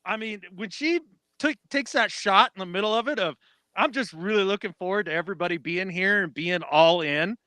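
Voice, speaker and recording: A man co-hosting a casual sports podcast, animated and acting out quotes in mock voices. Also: sits high, a little fast, no room sound. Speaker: podcast co-host.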